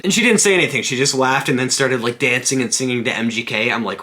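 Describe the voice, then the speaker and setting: A man's voice: medium pitch, lively intonation, brisk, hardly any pauses, sharp tone. A young man telling a funny story in a casual vlog, joking and self-deprecating. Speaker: vlogger.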